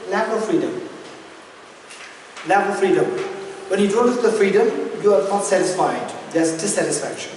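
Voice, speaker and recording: A male Buddhist teacher leads an interactive dharma lesson, questioning his audience and repeating key points for emphasis. His high-pitched, darkish voice moves at a moderate pace with long pauses, captured from afar in an echoey hall with slight background noise.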